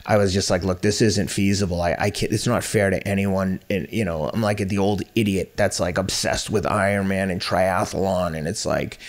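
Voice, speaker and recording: A man's voice: sits low, steady tone, moderate pace, few pauses. A man in his fifties, a podcast guest, telling his story in a blunt, self-mocking way with casual swearing. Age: 50s. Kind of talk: candid storytelling interview.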